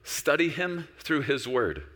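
A man pastor preaching a sermon on a stage, shifting from quiet storytelling to loud, urgent exhortation. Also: a little high, slow, big-room sound. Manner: animated, swinging from soft storytelling to loud exhortation. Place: large church auditorium with stage.

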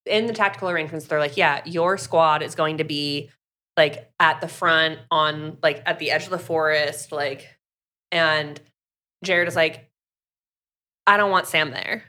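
A woman co-hosting a podcast recaps a book in a low, bright, forceful voice, at a measured pace with fairly even intonation. The chat is casual, with her performing characters' lines and using plenty of "like."

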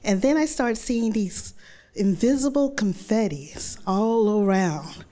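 A woman telling a true personal story to an audience in a lively, conversational way, acting out her own thoughts as she goes. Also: mid-range voice, takes it slowly.

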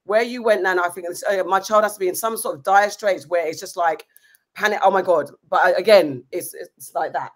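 A woman's voice: on the low side, brisk. Rambling woman podcast host. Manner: animated, rambling with restarts. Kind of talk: casual chat.

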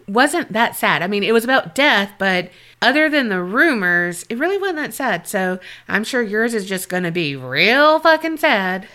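A woman podcast co-host chatting casually, animated and full of fillers. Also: mid-range voice, moderate pace, hardly any pauses. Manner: animated, lots of fillers and impressions. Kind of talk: casual chat.

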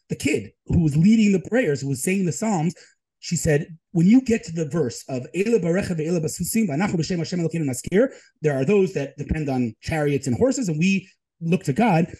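A man with a lively, swinging delivery tells his stories with real emphasis. His voice sits a touch high, with a mellow, slightly husky tone. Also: fast, rough recording. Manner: animated, emphatic storyteller. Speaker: guest, tech advisor and Israel advocate. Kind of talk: storytelling interview talk.

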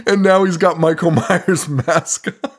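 A man's voice: fairly high pitch, a little slow, husky. A man co-hosting a podcast, recapping a horror film in casual chat, swearing and laughing often. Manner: profane, laughing, animated retelling. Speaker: podcast co-host. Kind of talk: casual movie review chat.

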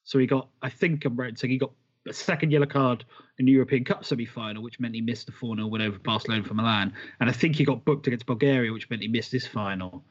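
Quick-talking man in casual football chat. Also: medium pitch, steady tone, dull audio. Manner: chatty, quick, self-deprecating with swearing. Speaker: podcast co-host.

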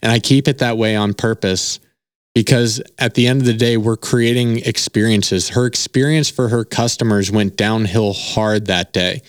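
A man's voice: lowish voice, fairly even intonation, moderate pace, smooth, no echo, studio quality. A man hosting a solo podcast, telling a personal story in a casual, candid way, swearing freely and often asking "right?". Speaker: podcast host.

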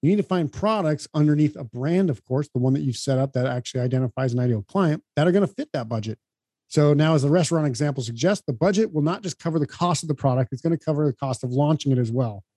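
Fast-talking, mellow-voiced male podcast host. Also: fairly high pitch, lively intonation, no room sound, studio quality. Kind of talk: casual explanatory podcast talk.

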